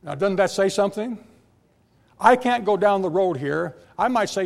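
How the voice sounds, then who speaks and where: A man's voice: sits high, fairly quick, creaky. A male pastor preaching a sermon in a church, emphatic and repetitive, often restarting his words. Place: church sanctuary.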